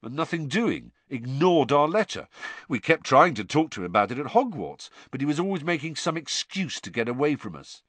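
A man's voice: fairly high pitch, big pitch swings, fairly quick, a bit bright, dry recording, voice pushed up. A man voicing a cheeky teenage boy prankster with a wry, breezy manner.

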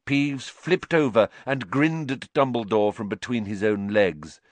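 A man narrating a storybook in an expressive, lively storytelling manner. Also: lowish voice, a little slow, no echo. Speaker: audiobook narrator.

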